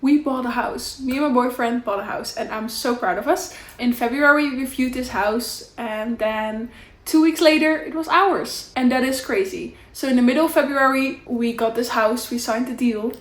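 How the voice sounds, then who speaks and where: A woman's voice: fairly high pitch, normal speed, roomy sound. A young woman with a Dutch accent, casually catching up with her viewers in a chatty, candid, rambling way. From Netherlands. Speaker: vlogger. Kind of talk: casual catch-up chat to camera.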